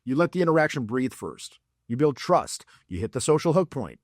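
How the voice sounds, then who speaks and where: A man's voice: mid-range voice, very animated, brisk, no echo, studio quality. A man giving blunt, profane dating advice as a coach. He talks in a mocking way and acts out examples in put-on voices.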